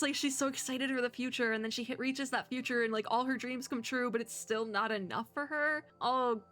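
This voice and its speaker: A young woman streamer giving chatty, giggly commentary while playing a game and reading its story aloud, breaking into excited squeals. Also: a little high. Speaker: VTuber streamer.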